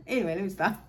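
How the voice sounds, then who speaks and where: A young woman spins a casual storytime for her viewers, talking straight to them. Her delivery is animated and blunt, with plenty of profanity. Her voice sits at an ordinary pitch for a woman. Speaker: storyteller vlogger.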